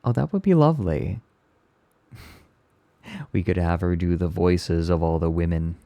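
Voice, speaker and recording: A man streaming and chatting casually with his viewers, speaking gently and with enthusiasm. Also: low-pitched, expressive, measured pace, no room sound. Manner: gentle, soft-spoken. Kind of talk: casual live-stream chat, answering chat.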